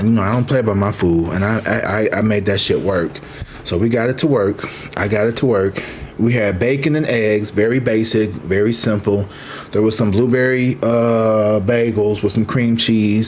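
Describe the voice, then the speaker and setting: A man in his thirties telling a story in a casual, profane, animated way, as a vlogger. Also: fairly low pitch, slight background noise. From Missouri, USA. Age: 30s.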